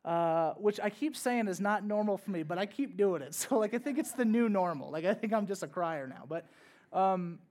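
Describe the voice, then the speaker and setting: A man's voice: high-pitched, animated, normal speed, hardly any pauses, darkish tone. A young man, a pastor, giving a conversational sermon with casual asides and rising bursts of energy.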